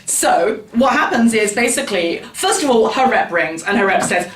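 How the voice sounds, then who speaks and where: A man's voice: sits high, lively intonation, moderate pace, few pauses, fairly bright tone, a little hiss or hum. A man, a tabloid journalist, telling candid, gossipy, profane stories in an interview. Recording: roomy sound, distant mic.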